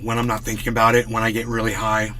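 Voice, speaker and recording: A man's voice: fairly low pitch, monotone, fast, background noise. A man hosting a live stream, ranting in a worked-up, swearing, casual way. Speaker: livestream host.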